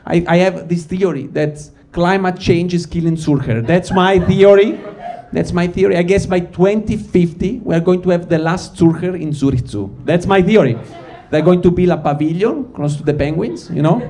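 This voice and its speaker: Speaking at a moderate pace with hardly any pauses, a Ticino-born man delivers a stand-up set to a live audience in a high, mellow voice. He rambles and stops himself mid-sentence, talking to the crowd as "guys."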